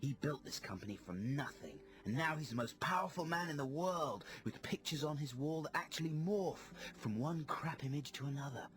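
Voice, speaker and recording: A man's voice: a little high, animated, normal speed, hardly any pauses, fairly bright tone. A man playing a giddy young male slacker genius in a comedy radio sketch, breathless and eager with rising exclamations.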